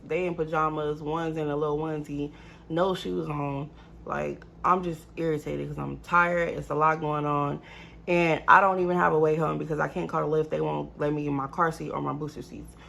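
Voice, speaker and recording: A young woman tells a storytime vlog in a casual, animated way and talks straight to her viewers. Her voice sits fairly low and has a gravelly edge of fry. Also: moderate pace, slight background noise. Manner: animated, addresses viewers as y'all. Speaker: vlogger.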